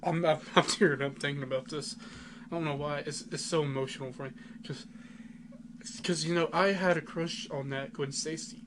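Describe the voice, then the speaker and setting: A man's voice: fairly high pitch, steady tone, normal speed. A man co-hosting a casual podcast who talks in an enthusiastic, rambling way and fills his speech with "like.". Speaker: podcast co-host. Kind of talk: casual chat. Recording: noisy home recording.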